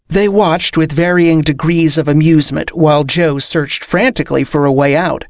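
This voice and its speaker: A reader narrating a fiction podcast story in an even storytelling voice. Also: medium pitch, moderate pace, few pauses, no echo, clean studio sound.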